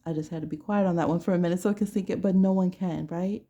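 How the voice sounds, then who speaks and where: A woman's voice: lowish voice, steady tone, fast talker, dark tone, dull audio. A woman giving a casual tarot reading to camera with a blunt, playful way of talking. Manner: blunt, playful, laughs often. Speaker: tarot reader.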